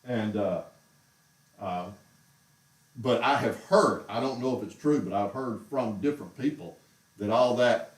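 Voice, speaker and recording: A man's voice: lowish voice, measured pace, pauses often. A man hosting a casual show from home, ranting in a heated, exasperated way. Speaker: show host. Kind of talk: casual rant on a livestream. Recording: roomy echo, mic far off.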